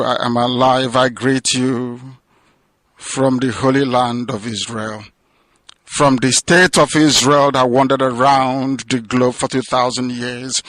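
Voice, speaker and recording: A man's voice: medium pitch, fairly bright tone, no room sound, poor audio. A man delivering an impassioned radio address, declamatory and building to fervent crescendos. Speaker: radio broadcaster. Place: prison release, speaking from abroad.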